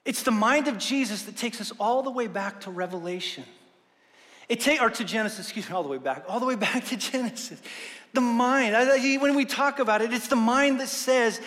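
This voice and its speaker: A male pastor preaching a sermon, swinging from hushed slow passages to loud fervent ones. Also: very high-pitched. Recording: long hall reverb.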